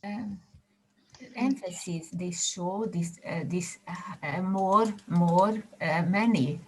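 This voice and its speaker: A woman student speaking in an online class over a video call, halting and searching for her words. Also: on the low side, poor audio.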